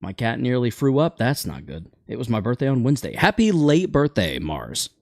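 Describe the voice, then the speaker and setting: A man's voice: medium pitch, very animated, moderate pace, vocal fry, no room sound, studio quality. A man hosting a casual gaming chat show, rambling and opinionated, stumbling over words now and then.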